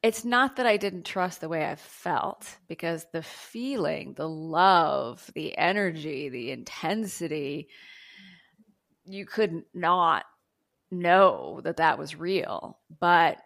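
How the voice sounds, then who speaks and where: A soft-voiced woman speaking as a guest on a spiritual interview, teaching about channeling in a flowing, earnest way. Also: low-pitched, expressive, takes it slowly, vocal fry.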